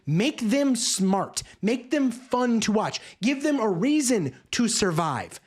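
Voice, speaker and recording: Exasperated, profane movie reviewer with a lively voice. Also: medium pitch, a little slow, few pauses, breathy edge. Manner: acts out characters mid-rant. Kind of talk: casual ranting film review.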